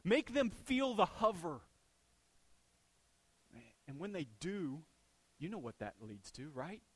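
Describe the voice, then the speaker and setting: A man preaching a sermon in a conversational way, asking rhetorical questions and moving between hushed, intimate lines and emphatic ones. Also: high voice, very animated, slow, breathy edge, dry recording. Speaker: pastor.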